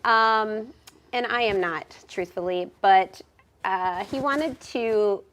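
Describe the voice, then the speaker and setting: A woman from Northern Ohio, answering interview questions in a measured, hesitant way with many pauses. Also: mid-range voice, fairly bright tone. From Northern Ohio, USA. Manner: measured, hesitant, lots of ums. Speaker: guest, business owner.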